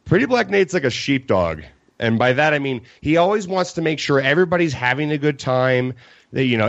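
Animated, profane young man telling a story. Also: mid-range voice, fairly quick, no echo. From Colorado. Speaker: podcast co-host. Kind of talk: casual storytelling chat. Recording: dull lo-fi podcast mic, dry.

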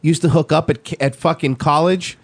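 Slightly high and creaky, this man co-hosts a laid-back podcast, speaking at a normal speed as he spins loose, animated stories laced with profanity. There's no echo.

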